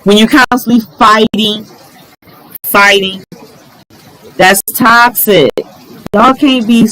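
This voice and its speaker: A middle-aged woman giving relationship advice in a casual, animated vlog, exclaiming and talking straight to her viewers. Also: a little high, slow, a little hiss or hum, rough recording. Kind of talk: casual advice talk to camera.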